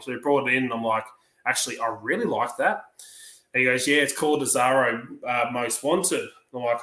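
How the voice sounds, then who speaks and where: Aussie bloke on a hangout stream, bright tone in a roomy space, spins long stories with quoted voices. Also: male voice, medium pitch, brisk. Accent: Australian. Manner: rambling storyteller, acts out quoted dialogue. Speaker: livestream panelist. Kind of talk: casual chat.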